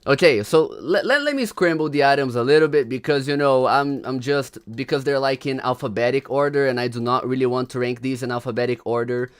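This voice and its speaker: A man hosting a livestream in a loose, chatty way, greeting viewers one after another and hyping up the show ahead. His voice sits at an ordinary middle pitch for a man. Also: brisk, few pauses, clear, resonant tone. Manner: chatty, greets viewers by name, hypes up the crowd. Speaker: livestream host. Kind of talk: casual livestream chat.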